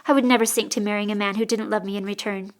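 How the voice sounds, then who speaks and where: In an audiobook, a woman gives voice to a stubborn young lady with a quick temper, answering sharply and with emphasis. Her pitch sits mid-range, much like the narrator's own. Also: steady tone, close to an everyday voice. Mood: indignant. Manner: irritable, emphatic.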